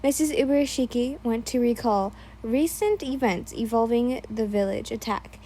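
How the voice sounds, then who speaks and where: A woman reading a second-person fan story aloud, tripping over names and breaking off for quick asides. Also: a little high, mellow, slight background noise, poor audio. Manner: stumbles over names, laughs and adds asides. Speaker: fan fiction reader.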